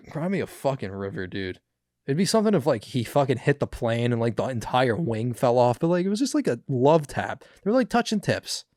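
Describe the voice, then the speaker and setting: A man's voice: mid-range voice, big pitch swings, brisk, darkish tone, no echo, clean studio sound. A young man hosting a podcast, chatting casually about news clips, rambling and swearing with many fillers. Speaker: podcast host.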